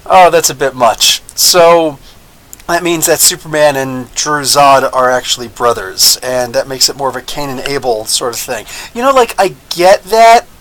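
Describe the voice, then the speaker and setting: Animated, rambling American man. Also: medium pitch, moderate pace, poor audio. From United States. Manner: animated, rambling, with frequent laughs and mock voices. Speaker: host of a comic book review show. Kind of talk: live casual TV episode review.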